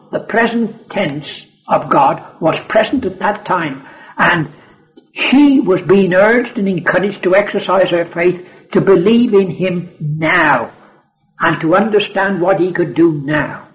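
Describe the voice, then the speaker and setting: A man's voice: high voice, slow, a bit bright, poor audio. A man preaching an earnest sermon, teaching from the Bible with emphatic repeated phrases.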